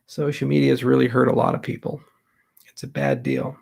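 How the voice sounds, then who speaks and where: A man's voice: mid-range voice, sing-song, brisk, creaky, a little mellow. A man hosting a casual live question session, answering with wry, offhand jokes. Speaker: host answering audience questions.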